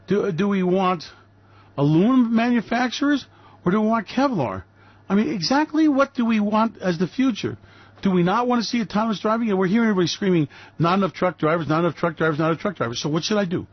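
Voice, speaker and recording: A man's voice: sits high, dry recording, highs cut off. An older man from New York City, hosting a radio show with emphatic, ranting commentary full of rhetorical questions.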